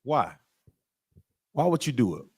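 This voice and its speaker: A man's voice: mid-range voice, big pitch swings, unhurried, a little mellow, husky. Guy teaching a scripture class, keeps firing questions at the room, repeats stuff to hammer it in. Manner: preachy call-and-response questioning.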